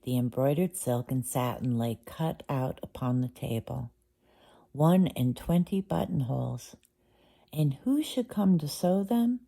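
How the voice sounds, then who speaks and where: Woman reading a kids' storybook, low mellow voice, takes her time. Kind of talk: storybook read-aloud.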